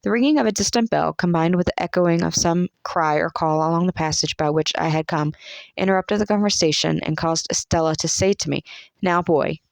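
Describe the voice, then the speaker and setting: A narrator with a Southern US accent reads a classic novel aloud in an even, measured storytelling voice of middling pitch. The close mic gives a dry sound with no room echo. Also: creaky. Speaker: audiobook narrator.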